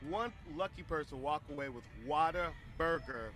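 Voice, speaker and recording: A man from Missouri hosting a casual livestream outdoors at a tailgate, upbeat and quick to laugh. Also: a little high, fairly bright tone. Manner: upbeat, laughs often, thanks sponsors. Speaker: livestream host. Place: outdoor tailgate area beside a stadium.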